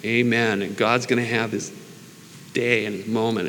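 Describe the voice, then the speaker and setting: A man preaching in an unhurried, earnest, informal way, mixing Bible readings with personal prayer. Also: on the low side, level tone, fairly bright tone. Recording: long reverb, faint background noise.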